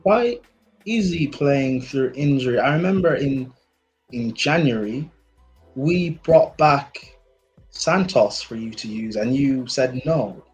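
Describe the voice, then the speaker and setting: A man's voice: medium pitch, animated, takes it slowly, faint music behind, poor audio. A man improvising as a skeptical male club owner who grills his manager with probing questions in a comedic role-play. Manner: probing, reading off the record.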